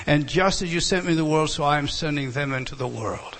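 A man's voice: a little high, brisk, a bit bright. A man giving a verse-by-verse Bible lesson, emphatic, with chatty asides to his class. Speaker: Bible teacher.

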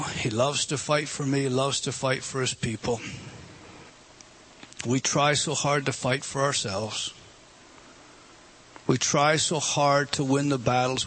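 A man preaching an expository sermon, reading scripture aloud with emphasis and dropping to low, intimate appeals. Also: a bit bright.

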